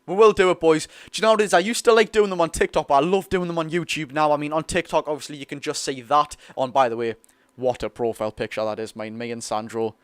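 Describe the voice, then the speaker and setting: Recorded in clean studio sound with no room echo, a young Geordie man from North East England streams a live football watch-along. His clear, resonant voice sits on the high side and he talks fast, chatting excitably with viewers and reading their messages aloud.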